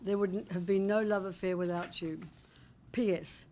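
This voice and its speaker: A woman's voice: mid-range voice, steady tone, normal speed, mellow, slight background noise. A woman in her seventies giving a prepared speech as an author at a book launch, heartfelt and affectionate with wry humour. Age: 70s.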